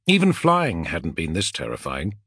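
A man reading a fantasy novel aloud as an audiobook narrator, with a dramatic, expressive delivery. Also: low-pitched, moderate pace, husky, dry recording, studio quality.

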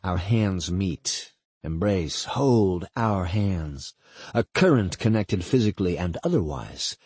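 A man narrating a first-person literary story in a slow, intimate, halting manner. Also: deep voice, animated, darkish tone, breathy edge, dry recording.

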